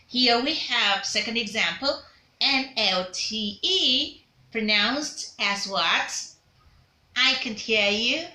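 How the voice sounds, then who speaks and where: Bright-voiced woman drilling vowel sounds. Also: fairly high pitch, echoey room. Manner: drills learners with call-and-response prompts. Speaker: diction teacher. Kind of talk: phonics lesson to learners.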